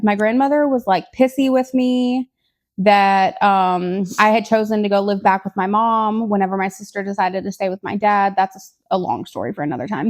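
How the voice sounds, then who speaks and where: A woman, a podcast co-host telling personal stories in casual chat, blunt and candid with dark humor. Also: mid-range voice. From Tennessee, USA. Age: 20s.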